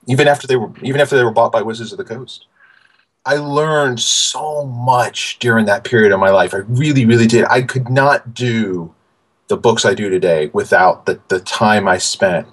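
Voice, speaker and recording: A man in his forties, a guest in a casual interview, telling animated stories with many fillers and restarts. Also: lowish voice, husky.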